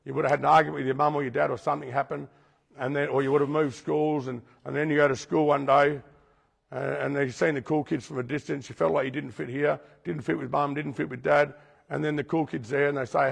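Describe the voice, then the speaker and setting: A man preaching to a recovery group, with a deeply gravelly, husky voice that rings out with long hall reverb. He repeats himself for emphasis and keeps putting questions straight to his listeners. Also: flat delivery, fast. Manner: repetitive, questions the audience directly. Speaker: speaker teaching a recovery group. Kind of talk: preaching-style talk to a group.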